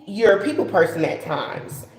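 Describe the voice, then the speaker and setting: A woman's voice: lowish voice, expressive, moderate pace, roomy sound, soft background music, low-quality recording. Rambling woman giving a tarot reading. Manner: rambling, repeats herself, lots of "like". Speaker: tarot card reader. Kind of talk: casual live-stream tarot reading.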